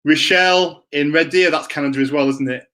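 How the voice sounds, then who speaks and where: A man's voice: fairly high pitch, a little fast, pushed and bright. A man hosting a live online Q and A, greeting viewers by name in an upbeat, chatty way. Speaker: livestream host. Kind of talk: live Q and A stream chat.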